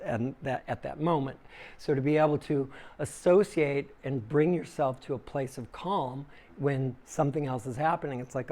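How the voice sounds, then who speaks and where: Guy teaching a yoga class, chatting easy and casual to a small room, ordinary middle voice. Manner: casual and conversational, acts out inner voices loudly with big pitch jumps. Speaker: yoga teacher giving a dharma talk. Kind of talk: relaxed spoken teaching to a small group. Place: small room with a live audience.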